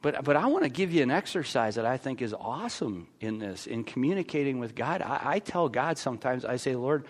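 A man's voice: medium pitch, sing-song, brisk. A man pastor with an American accent, preaching a conversational sermon in a church with frequent stammered restarts.

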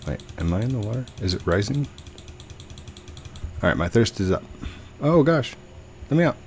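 A man's voice: mid-range voice, sing-song, moderate pace, darkish tone, slight background noise. A young man giving playful live commentary while playing a game, talking to the other players and his own character. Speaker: gaming video host.

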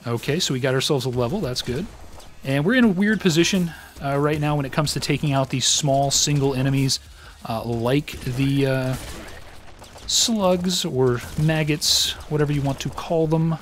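A man's voice: medium pitch, moderate pace, a little hiss or hum. A man hosting a let's play, commenting on his own gameplay in a rambling, self-deprecating way with lots of fillers.

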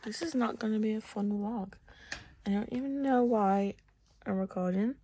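A woman's voice: mid-range voice, normal speed, dark tone, husky. A young woman vlogging in a casual rant, rambling and exasperated, often dropping to a whisper. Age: young adult. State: out of breath; tired.

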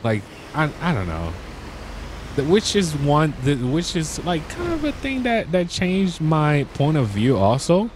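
A young man telling stories in a casual, slangy way while commenting on his gameplay, getting excited as he talks. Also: on the high side, a little slow, slight background noise. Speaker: gaming YouTuber.

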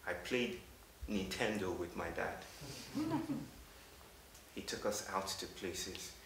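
A man's voice: deep voice, a bit bright. Earnest man in his thirties, distant hall. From Africa. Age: 30s. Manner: earnest, vulnerable, halting. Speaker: public speaker. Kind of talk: storytelling lecture. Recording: roomy hall from a distant mic with faint hiss.

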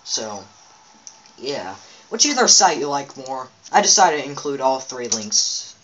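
A man's voice: mid-range voice, very animated, a little slow, fairly bright tone, a little hiss or hum. A man giving rambling, chatty commentary on his own gameplay, talking straight to his viewers from a home setup. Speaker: let's play gamer.

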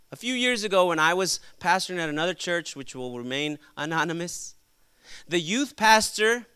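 A man preaching a sermon to young people as their pastor, lively and acting out quoted voices. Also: high-pitched, clear, resonant tone, no room sound. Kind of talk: youth sermon.

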